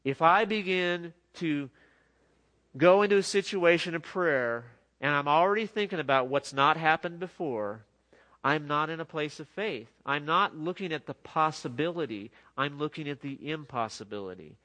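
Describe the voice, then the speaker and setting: Man, middle-aged, pastor, sermon, earnest, conversational, slightly high voice. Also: normal speed, bright, forceful tone. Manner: conversational, earnest, with frequent restarts.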